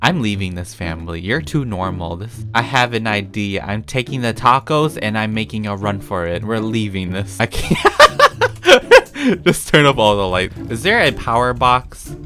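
Giggly, lively young-sounding male gamer. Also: on the low side, moderate pace, hardly any pauses, soft background music. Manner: giggly and mischievous, laughing often. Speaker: gaming YouTuber. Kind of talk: casual gameplay commentary.

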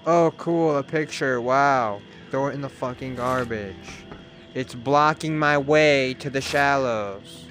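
An excitable young man livestreams a game and chats to his viewers, swearing freely as he plays. His pitch sits in the middle range for a man, with clear game music underneath his voice. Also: slow pace. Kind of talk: casual live gameplay chatter.

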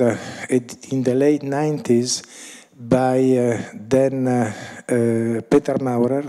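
A male moderator introducing a film screening, with a medium-pitched voice and a slow, unhurried pace. He stops often on fillers and adds small chuckling asides as he goes. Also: dark tone. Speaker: event moderator.

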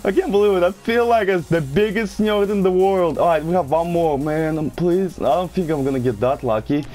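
A man with a Russian accent hosting a gaming video, excitable and chatty as he opens rewards. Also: on the high side, fairly quick, soft background music. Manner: excitable, yells and laughs when thrilled. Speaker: gaming channel host. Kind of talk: gameplay commentary.

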